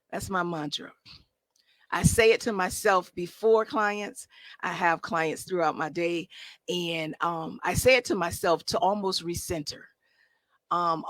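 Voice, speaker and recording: A woman life coach gives an emphatic motivational talk to a live audience, using colloquial, conversational phrasing and plenty of rhetorical questions. Her voice is lowish with a fairly bright tone, and there is no echo.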